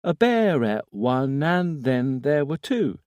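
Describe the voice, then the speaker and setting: A man's voice: mid-range voice, very animated, slow pace, a little mellow, clean tone, no echo, voice pushed up. A man voicing a small boy who recites a nursery rhyme in a childlike sing-song, one line straight into the next. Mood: eerie sing-song. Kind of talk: audiobook character voice.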